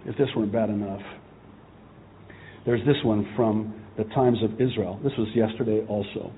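A man's voice: on the low side, steady tone, normal speed, a little hiss or hum. Impassioned preacher man, tinny sound. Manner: impassioned, rising to shouting. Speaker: pastor. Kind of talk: sermon.

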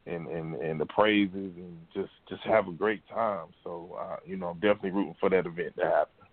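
Deep flat-voiced man on a phone line. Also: brisk, breathy edge. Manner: laid-back slang, frequent "you know what I'm saying". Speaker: radio show host. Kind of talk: casual call-in chat.

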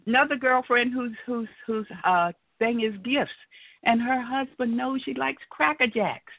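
A woman's voice: a little high, unhurried, dry recording. A woman in her sixties calls in and pleads passionately, getting carried away as she speaks. Her voice comes through a narrow, dry phone line. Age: 60s. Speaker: caller. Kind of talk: call-in testimony.

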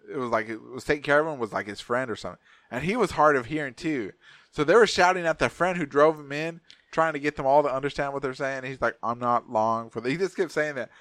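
A podcast co-host with a medium-pitched voice tells a story in loose, foul-mouthed banter, doing the voices of the people involved. He's animated and swears freely. The recording has no echo.

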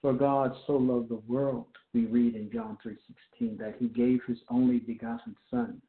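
Slow, deliberate male preacher, echoey tinny sound. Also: mid-range voice. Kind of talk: sermon with scripture reading.

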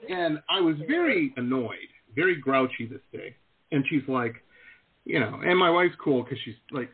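A man's voice: medium pitch, a little fast. A middle-aged man hosting an interview, chatting casually and joking, often acting out the voices of others. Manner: animated, joking, acts out quoted voices. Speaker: host. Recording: tinny phone-like call audio.

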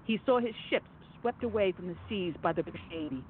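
A woman's voice: fairly low pitch, animated, a little fast. A woman hosting a conservative talk radio show, delivering an impassioned, emphatic monologue with sarcastic asides. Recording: phone-like narrow audio with faint noise.

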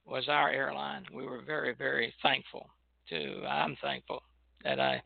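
An older man, a retired airline pilot, telling relaxed anecdotes on a call-in show and chuckling as he goes. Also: mid-range voice, unhurried, vocal fry, no room sound. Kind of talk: casual reminiscing on a call-in show. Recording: tinny phone line.

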